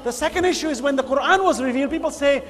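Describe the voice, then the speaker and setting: A man giving an animated sermon to a congregation, rising to emphatic shouts. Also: very high voice, rapid-fire, in a large hall. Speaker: preacher.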